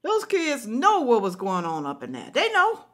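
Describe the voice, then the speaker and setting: Indignant woman with a lively, rising voice. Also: fairly high pitch, normal speed. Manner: indignant, preachy, addresses viewers as y'all. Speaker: reaction video host. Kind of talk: reacting and commenting to viewers.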